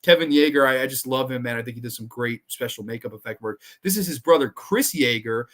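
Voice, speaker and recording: A man from New York with a New York accent, hosting a casual horror review show, animated and swearing freely. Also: mid-range voice, fast talker. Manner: animated, swearing, acts out quoted lines. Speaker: podcast host.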